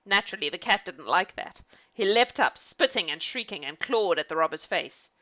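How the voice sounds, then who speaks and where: Woman reading a storybook out loud, bouncy, bright voice, kinda muffled. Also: on the low side, normal speed. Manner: animated, with laughing asides.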